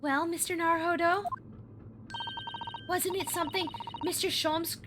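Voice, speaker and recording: A woman's voice: very high voice, fairly even intonation, unhurried, background noise, voice pushed up. A woman voicing a courteous, earnest young female assistant, reading game dialogue aloud in a formal manner.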